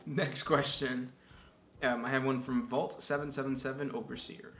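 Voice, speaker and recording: A man's voice: medium pitch, flat delivery, normal speed, fairly bright tone. An easygoing man co-hosting a casual chat and reading out listener questions, with plenty of "um"s. He sits in a roomy, echoing space. A light hiss runs underneath. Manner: easygoing, many "um" and "yeah" fillers. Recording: echoey room with faint noise.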